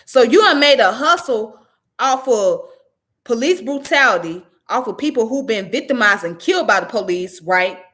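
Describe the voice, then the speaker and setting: Indignant woman with a higher voice. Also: expressive, moderate pace, a bit bright. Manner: indignant, profane, rising to angry outbursts. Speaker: commentator. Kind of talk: reading news and ranting commentary.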